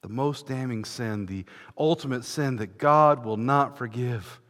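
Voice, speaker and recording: A man preaching a sermon in a church, fervent, swelling from hushed passages to ringing declarations. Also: mid-range voice, a little slow. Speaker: pastor. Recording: long reverb of a large church hall.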